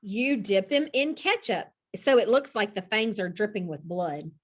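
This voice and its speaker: A woman's voice: mid-range voice, unhurried, natural voice. A woman voicing a confident, playful young boy who explains a silly game, reading a storybook aloud. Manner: easygoing, instructing.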